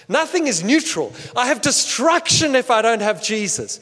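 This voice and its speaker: A man preaching a sermon with passion, swinging between loud outcries and hushed asides. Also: high-pitched, sing-song, normal speed, hardly any pauses, long reverb tail. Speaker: pastor.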